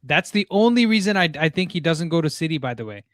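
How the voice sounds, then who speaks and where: A young man hosts a live football stream, loose and animated, dropping "bro" and "like" as he goes. He sounds worn out from too little sleep. His voice sits a little high and comes across dry and close, with no room around it. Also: dry recording. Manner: animated, talks fast, says "bro" and "like" a lot. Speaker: host of a live call-in football show. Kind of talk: casual live-stream chat.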